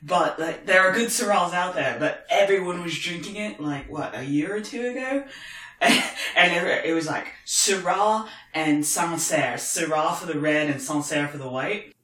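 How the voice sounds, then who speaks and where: Speaking a little slowly with a sharp tone and fairly high pitch, a man jokes wryly as a podcast co-host at home. His accent is posh London English with northern tweaks, and the casual chat happens over wine. The recording sounds roomy and echoey.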